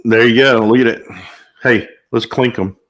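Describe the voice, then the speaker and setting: An older man runs a casual live chat, reading out viewer names one after another. His tone is upbeat and chatty, with sudden whoops of excitement between greetings. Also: mid-range voice, normal speed. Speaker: livestream host.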